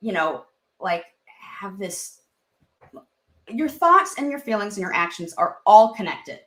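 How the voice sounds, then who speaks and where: She speaks at a medium pitch, very animated yet unhurried, with a fairly bright tone in an echoey room. A licensed marriage and family therapist in her thirties, she's a casual podcast guest who acts out quoted inner voices and drops the odd swear word.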